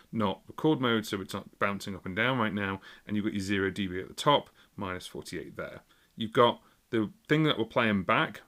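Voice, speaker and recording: Captured on both a phone and a small stereo recorder, a British man with a fairly low, slightly bright voice demonstrates recording equipment at an indoor table. He explains each step in a chatty, wandering way.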